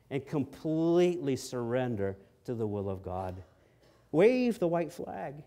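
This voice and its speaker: A man preaching a sermon in a fairly high voice. He is emphatic, dropping low and then rising loud, and he acts out the quotes in his story. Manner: emphatic preaching that swings between soft and loud. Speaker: pastor.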